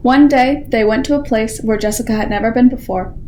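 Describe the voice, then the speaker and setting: A teenage girl volunteer reading a children's picture book aloud with expressive storytelling. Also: a little high, brisk, slight background noise. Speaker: library volunteer reader.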